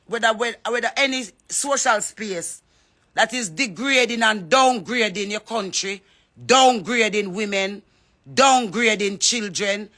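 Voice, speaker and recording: A woman's voice: on the high side, bright, forceful tone. A Jamaican woman giving an impassioned address to her audience, calling people out by name and mixing patois into her English. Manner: fervent, calls out names, mixes patois with English. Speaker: reggae artist speaking out. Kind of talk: impassioned social media address.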